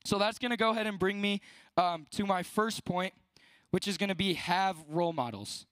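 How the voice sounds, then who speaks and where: A man's voice: sits high, moderate pace, fairly bright tone, clean tone, dry recording. A young man in his late teens giving a casual youth sermon, talking conversationally and filling his speech with "like". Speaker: student speaker at a youth service.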